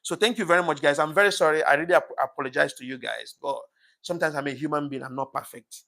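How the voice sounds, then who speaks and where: A man's voice: a little high, fast, vocal fry, bright, forceful tone. A man hosting a live stream, chatting casually and reading out viewer comments, often apologizing and thanking his viewers, an emotional speaker. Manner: emotional, says things get to him easily. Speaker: livestream host.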